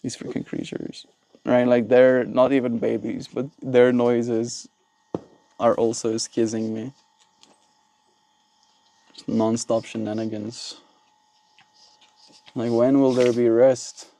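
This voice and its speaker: A man's voice: mid-range voice, flat delivery, takes it slowly, long pauses, warm tone. A man hosting a live stream, chatting casually with viewers and laughing often. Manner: playful, laughs often, mock voices for viewers. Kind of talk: casual live-stream chat reading chat messages. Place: outdoors with mosquitoes.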